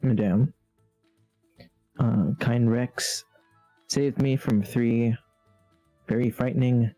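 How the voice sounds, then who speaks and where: A man's voice: mid-range voice, fairly even intonation, slow pace, warm tone, dry recording, faint music behind, natural voice. Man playing a courteous bowing adventurer. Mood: flattering. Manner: formal, overly courteous. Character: polite bowing male adventurer, flattering.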